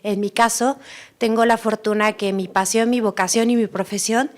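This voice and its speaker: A woman's voice: on the high side, steady tone, brisk. Nervous woman asking an audience question. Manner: nervous, polite.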